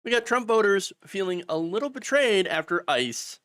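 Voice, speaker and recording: A man hosting a live-stream political show through a bout of hiccups. His pitch swings widely, and the sound is dry and close. He talks casually, laughs at himself and often stops to restart. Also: big pitch swings, moderate pace, fairly bright tone, no room sound. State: has the hiccups. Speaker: political commentary host.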